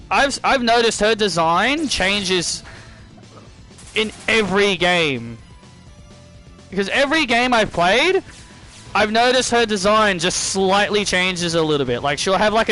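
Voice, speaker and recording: High-voiced man rambling over gameplay. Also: pushed and bright. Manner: rambling, with frequent restarts and self-corrections. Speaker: channel host playing a video game. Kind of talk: casual gameplay commentary.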